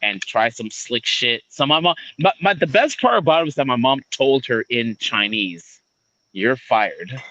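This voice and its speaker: A man chatting casually on a live stream, telling a profane story with animated energy. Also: medium pitch, normal speed, hardly any pauses, no echo, lo-fi sound. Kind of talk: casual chat.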